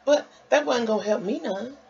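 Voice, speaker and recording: A woman's voice: fairly high pitch, normal speed, vocal fry, breathy edge. A woman vlogger telling a story casually and expressively, acting out what people said. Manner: animated, expressive, acts out quotes. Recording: dull lo-fi with faint noise.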